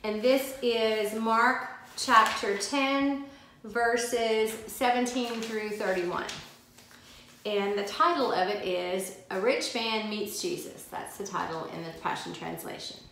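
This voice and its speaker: A woman's voice: medium pitch, slow pace, fairly bright tone, a little hiss or hum. A woman teaching a Bible study, reading scripture aloud and stressing key phrases with emphatic repetition. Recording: very echoey room.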